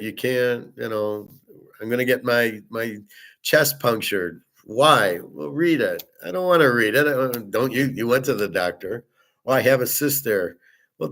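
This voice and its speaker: A man's voice: on the low side, fairly bright tone. A man hosting a betting show, telling a blunt, profane, digressive story in a casual monologue. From United States. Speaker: sports betting podcast host.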